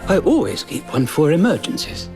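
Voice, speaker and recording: A polite, well-spoken bear. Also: male voice, on the high side, wildly swooping pitch, moderate pace, vocal fry, heavily acted. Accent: southern English. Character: polite young male bear from a film. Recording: film clip with music behind.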